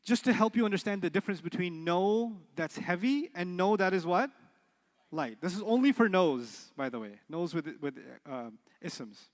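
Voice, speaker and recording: A middle-aged man teaching an Arabic class, telling animated stories, acting out quoted voices and quizzing his students. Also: high-pitched, moderate pace, in a large hall. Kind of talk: lecture with storytelling.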